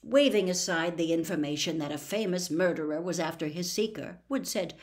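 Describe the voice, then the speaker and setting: A woman reading a children's novel aloud as an audiobook, measured and expressive. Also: deep voice, creaky. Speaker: audiobook reader. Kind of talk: scripted storybook narration.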